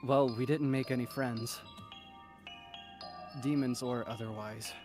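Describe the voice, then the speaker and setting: An actor voicing a gruff male video game character who speaks in dry, mocking remarks. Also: medium pitch, fairly even intonation, takes it slowly, lightly acted. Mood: wry. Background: game music.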